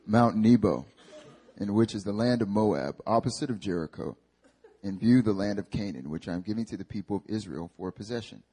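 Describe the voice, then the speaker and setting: Guy doing a deep booming god voice, commanding, kinda husky, mid-sermon. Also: animated, fairly quick, dark tone. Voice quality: deep, exaggeratedly low.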